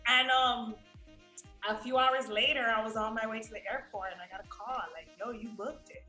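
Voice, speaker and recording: A woman with a slight New York-tinged American accent, a guest actress telling a story in a casual interview, animated, swearing freely and acting out the voices of people she quotes. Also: on the high side, moderate pace. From Miami, USA. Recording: roomy echo with faint music.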